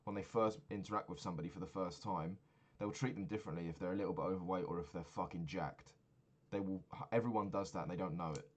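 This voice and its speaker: A man's voice: sits low, fast, few pauses. A man in his twenties recapping a trip in a rambling, sweary, casual monologue, often laughing at his own stories. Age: 20s. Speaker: vlogger.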